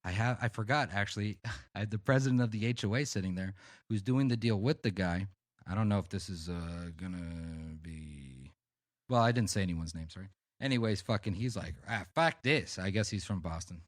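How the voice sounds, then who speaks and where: A male podcast co-host tells a rambling, profane, animated story in casual chat. His voice sits low and brisk, recorded in studio quality with no echo.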